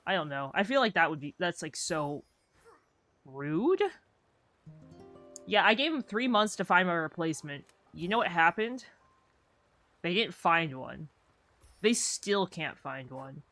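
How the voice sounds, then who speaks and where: Bright-voiced young woman streamer, rambling. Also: lowish voice, expressive, measured pace, pauses often. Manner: rambling storyteller, heavy use of "like". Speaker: game streamer. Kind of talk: casual chat while gaming.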